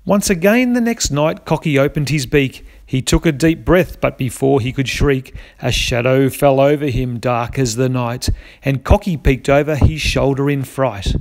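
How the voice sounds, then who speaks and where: A man's voice: medium pitch, normal speed. A man narrating a rhyming children's storybook in a lilting, rhythmic way. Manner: lilting, rhythmic rhyme reading.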